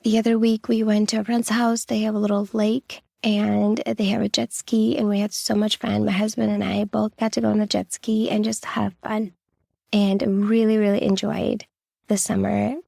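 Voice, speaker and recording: A woman in her thirties tells personal stories on her podcast, candid and reassuring, with "like" scattered through her speech. Her voice has a gravelly, fried edge. The recording is dry and close, with no room sound. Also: mid-range voice, level tone, normal speed, mellow, no room sound. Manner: candid, reassuring, with many "like" fillers. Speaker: podcast host.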